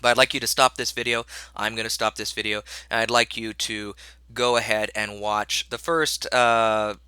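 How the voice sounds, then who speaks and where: A man's voice: on the low side, level tone, moderate pace, pushed and bright, clean tone, no echo. A man giving a recorded video lecture to his class in a casual, rambling way, with many fillers and restarts while he is slightly ill. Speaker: college instructor.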